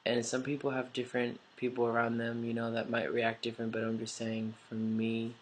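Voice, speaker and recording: A man's voice: mid-range voice, monotone, fairly quick, slight background noise. A man with a stuffy nose telling a personal story in a casual, rambling vlog, full of "like" and offhand swearing, recorded on a camera mic. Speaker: vlogger.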